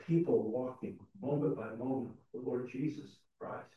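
A man's voice: mid-range voice, normal speed. A man preaching a conversational, self-deprecating sermon in a church, often restarting his sentences. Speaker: pastor. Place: church sanctuary. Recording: roomy, distant, dull sound.

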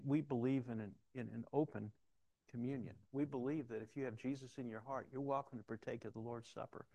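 A middle-aged man delivers a sermon like a pastor talking to his flock, voice gravelly and low in the throat. He restarts sentences often and swings from loud, lively storytelling to quiet, hushed appeals. The sound is dry, with no room around it. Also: no room sound.

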